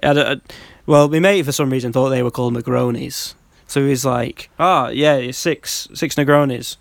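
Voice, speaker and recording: Guy, mid pitch, dry close sound, chatty storyteller who laughs a lot. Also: moderate pace, gravelly, no echo. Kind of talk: casual chat, anecdote telling.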